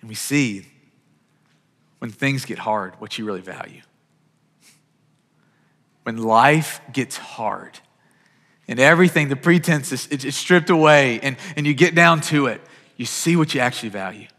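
A man's voice: medium pitch, expressive, unhurried, pauses often, fairly bright tone, in a large hall. A man preaching a sermon as pastor, earnest and urgent, often repeating words as he starts a phrase.

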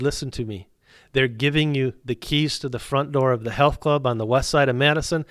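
A man's voice: mid-range voice, dry recording. Man, middle-aged, storytelling guest, dry voice. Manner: animated, acts out both sides of dialogue. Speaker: interview guest, business owner. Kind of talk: storytelling testimony.

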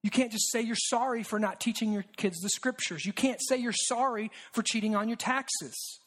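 A preacher delivers a sermon with steady earnestness, leaning on repetition and frequent "right?" asides. To emphasize key phrases, he lets his voice drop low and soft.

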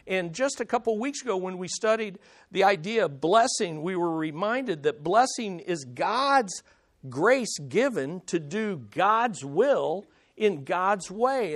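A man's voice: sits high, fairly bright tone. A man preaching an expository sermon, emphatic and repeating key phrases, acting out quotes from the text. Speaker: pastor.

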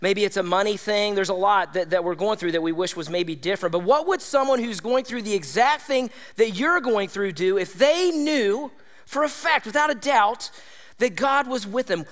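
A man preaching a sermon to his congregation, energetic and conversational, often checking in with his listeners. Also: sits high, moderate pace, big-room sound. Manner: energetic, conversational, with tag questions like "all right?". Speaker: pastor. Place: church hall.

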